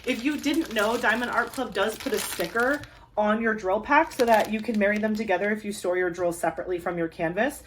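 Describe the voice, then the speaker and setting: A woman's voice: medium pitch, a little fast. A woman vlogger gushes through a casual unboxing chat, chatty and full of fillers. She sits a little back from the microphone, and a faint hiss of room noise runs underneath. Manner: gushing, excitable, chatty with many fillers. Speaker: crafting vlogger. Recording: a bit distant from the mic, faint ambient noise.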